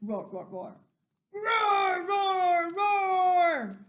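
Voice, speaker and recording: A woman voicing a tough, loud little dinosaur boy who roars and shouts to win everything, for a children's picture book story time. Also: very high-pitched, sing-song, extremely slow, pitched above the performer's own voice, exaggerated voice. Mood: roaring. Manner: roaring, shouting. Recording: roomy echo.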